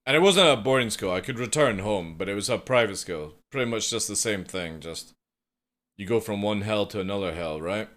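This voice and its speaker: A man's voice: lowish voice, expressive, brisk, fairly bright tone. A young man chatting casually with his stream viewers, rambling and swearing freely as he reads chat aloud. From United Kingdom. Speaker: live streamer.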